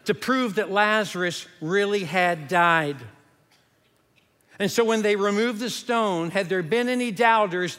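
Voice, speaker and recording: Male pastor, sermon, high voice, earnest, long reverb. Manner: earnest preaching, drops to a hush for emphasis.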